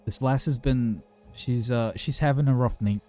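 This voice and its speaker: Man playing drunk guy on the phone, slurring, rambling, swearing, dark mellow voice, faint music. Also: mid-range voice, normal speed, lightly acted. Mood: rattled drunk. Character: drunk young British man calling for help, rattled.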